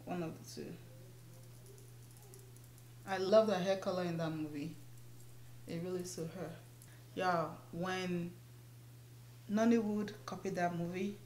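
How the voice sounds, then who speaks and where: A woman's voice: on the low side, a little mellow, reverberant, a little hiss or hum. A young woman chatting casually while doing her makeup, laughing often. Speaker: beauty vlogger. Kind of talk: casual get-ready-with-me chat.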